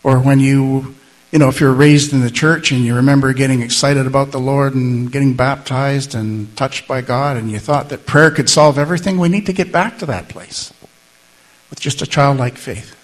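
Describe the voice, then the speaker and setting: A middle-aged man preaching a sermon as pastor, earnest and slow, rising to emphatic calls and leading prayer. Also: medium pitch, rough recording.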